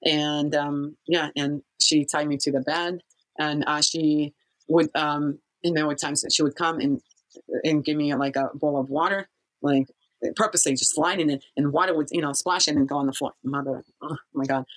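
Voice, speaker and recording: A woman telling her own story as a guest in an interview, speaking haltingly with many pauses and restarts. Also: low-pitched, steady tone, poor audio.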